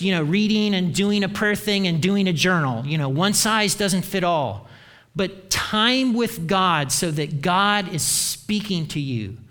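A man preaching a sermon as pastor, earnest, often letting his voice sink low at the end of a key phrase. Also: a bit bright. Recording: long reverb of a large hall.

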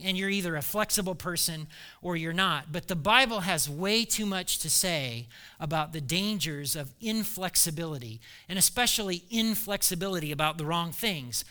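A man preaching a sermon as pastor, animated, acting out quoted voices and laughing as he goes. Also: sits high, clear, resonant tone.

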